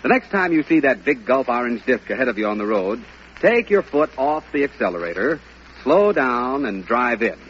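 A man's voice: medium pitch, very animated, moderate pace, fairly bright tone. Folksy old-time radio ad man. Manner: friendly, folksy salesmanship. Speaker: sponsor announcer. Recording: dull old radio broadcast with hiss.

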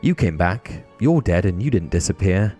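A man's voice: low-pitched, animated, normal speed, dark tone, slightly rough, soft background music. A man voicing an angry, grieving teenage boy wizard who talks urgently and raises his voice.

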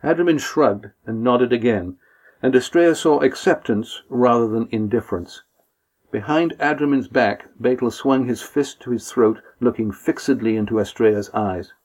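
A man narrating an audiobook in a calm, even storytelling manner. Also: mid-range voice, normal speed. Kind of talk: scripted narration.

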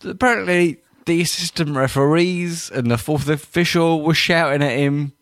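A man's voice: on the high side, moderate pace, no room sound. Jokey man on a dry mic. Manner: jokey, laughs often, acts out quoted voices. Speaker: podcast host. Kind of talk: casual chat.

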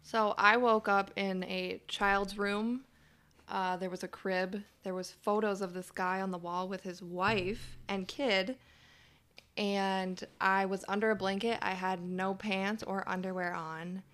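A woman's voice: mid-range voice, level tone, a little slow, fairly bright tone. A young woman in her twenties, an interview guest, telling her story plainly and matter-of-factly. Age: 20s. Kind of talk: personal account in an interview.

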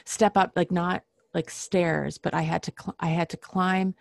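A woman telling a personal story casually, halting often with fillers and restarts and clearing her throat now and then. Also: lowish voice, little pitch movement, dry recording.

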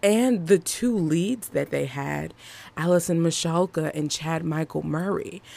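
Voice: mid-range voice, a little slow, gravelly, darkish tone. A movie reviewer talking casually to viewers in a chatty, emphatic way, often repeating phrases for effect. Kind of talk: casual video commentary.

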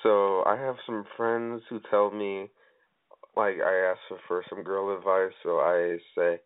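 20s guy calling in, flat and hesitant, lowish voice, tinny phone line. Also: slow pace, smooth. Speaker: caller.

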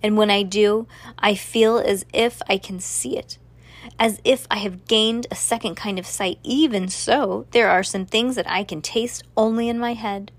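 A woman doing a soft-spoken blind chef. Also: mid-range voice, fairly even intonation, a little slow, dry recording. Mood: instructive.

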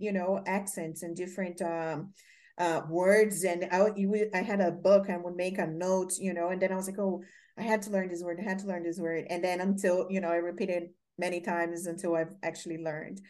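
A woman's voice: mid-range voice, darkish tone. A woman from Brazil with a Brazilian accent, hosting an interview and telling rambling stories full of fillers. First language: Portuguese. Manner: rambling storytelling with many fillers. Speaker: host. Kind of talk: casual interview chat.

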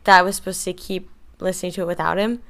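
A woman's voice: on the low side, fairly even intonation, fast talker, fairly bright tone. A young woman guest on a podcast, chatting casually and poking fun at herself. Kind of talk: casual chat.

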